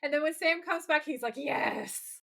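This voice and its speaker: Woman co-host, animated fan chat, curses casually, acts out scenes. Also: high-pitched, fast. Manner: animated, swears freely, acts out quoted lines. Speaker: podcast co-host. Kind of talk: casual chat recapping a TV episode.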